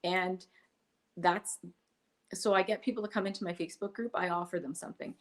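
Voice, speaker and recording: A woman's voice: lowish voice, fairly quick, pauses often. A middle-aged woman, a guest in a casual interview, talking enthusiastically about her online business and acting out little quoted exchanges. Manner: enthusiastic, animated storytelling with acted-out quotes.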